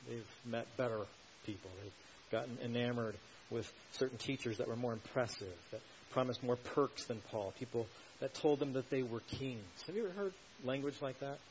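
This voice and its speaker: Preacher, male, mid-pitched, punches key words, muffled recording with faint hiss. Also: moderate pace. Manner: emphatic, swells to loud stresses, asks rhetorical questions. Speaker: pastor. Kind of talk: expository sermon.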